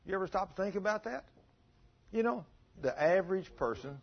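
A man's voice: high voice, animated, a little fast. A middle-aged man preaching a folksy, joking sermon, rambling with frequent restarts. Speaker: pastor. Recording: dull lo-fi sermon recording.

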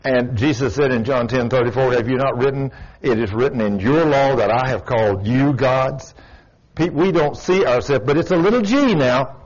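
A man's voice: mid-range voice, normal speed. A man preaching a sermon in a church, folksy and emphatic, telling stories to his congregation. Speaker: pastor. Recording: dull lo-fi church recording.

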